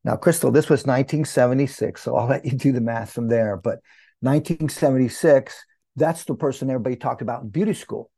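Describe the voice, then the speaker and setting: An older man with a deeply gravelly, husky voice tells his story as an interview guest. His tone is mellow and dark, and he acts out the dialogue as he goes. The sound is dry and close. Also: fast talker, dry recording. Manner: animated storyteller who acts out quoted dialogue. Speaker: guest, hair educator.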